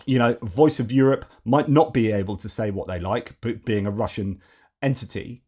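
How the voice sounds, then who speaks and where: A man's voice: lowish voice, moderate pace, a little mellow, slightly rough. Man giving digressive, opinionated news commentary. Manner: digressive, argumentative, many fillers and restarts.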